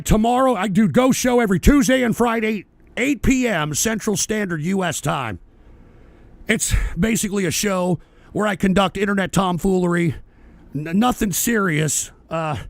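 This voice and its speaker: A man hosting his own talk show, delivering an angry, profane political rant and often breaking into shouting. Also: high voice, creaky, dry recording. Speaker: podcast host.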